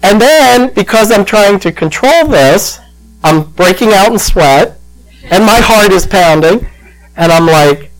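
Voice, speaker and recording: An older male pastor telling a personal story in a sermon, slow and emotional, choking up at times. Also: high-pitched, lively intonation, poor audio.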